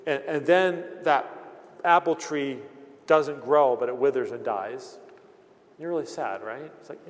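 A man's voice: mid-range voice, unhurried. A man preaching a sermon as pastor, earnest, acting out the voices he quotes and often restarting his words. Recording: long hall reverb.

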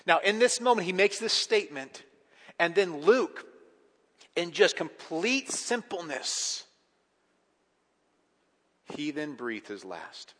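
A male pastor preaching a sermon, swinging from hushed reflection to emphatic, rising delivery. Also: fairly high pitch, sing-song, slow, pauses often. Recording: long hall reverb.

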